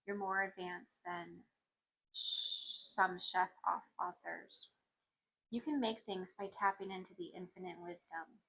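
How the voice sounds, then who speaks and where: A woman reading her journal notes aloud in a casual way, mixing questions and answers with quick asides. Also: fairly low pitch, steady tone, gravelly, bright, forceful tone, a little hiss or hum, poor audio.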